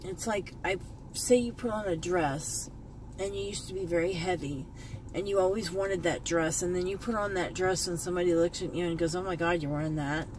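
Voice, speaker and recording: A woman's voice: on the low side, fairly even intonation, normal speed, a little mellow, slight background noise, poor audio. A woman beauty vlogger talking in a heartfelt, rambling way from her car, choked up at times and repeating herself. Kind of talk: emotional commentary vlog. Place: in a parked car.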